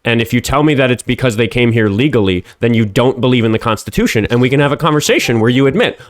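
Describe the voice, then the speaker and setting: A man's voice: mid-range voice, animated, quick pace, few pauses. A man in his thirties from New York, hosting a show and arguing heatedly with a caller, profane and lecturing. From New York, United States. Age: 30s. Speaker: show host debating a caller. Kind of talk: heated call-in debate.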